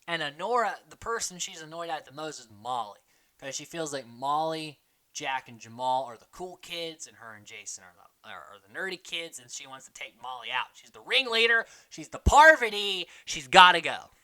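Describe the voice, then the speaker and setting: A man hosting a casual recap, chatting quickly and mimicking the people he quotes. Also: medium pitch, animated, sharp tone. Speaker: podcast host recapping a reality show.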